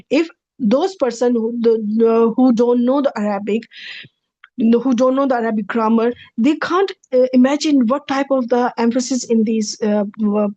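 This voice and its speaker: A slightly high, mellow-voiced woman teaches Arabic grammar in a recorded slide lecture, dry and close with no room sound. Each point gets repeated and reworded with patience, and she checks in with "okay" before moving along.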